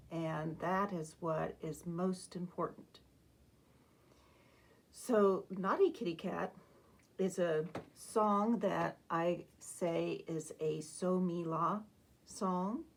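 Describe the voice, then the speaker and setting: A woman music teacher, possibly middle-aged, patiently explaining a lesson to other teachers. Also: darkish tone. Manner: slow, patient explanation that breaks into sung, high-pitched demonstrations. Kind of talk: instructional talk to teachers.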